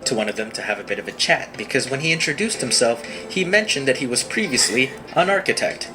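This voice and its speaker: Man with a lively wry narration. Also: medium pitch, brisk, few pauses. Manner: wry, self-mocking, lively delivery. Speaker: animated storyteller. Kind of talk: scripted comic narration. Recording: noisy played-back video clip.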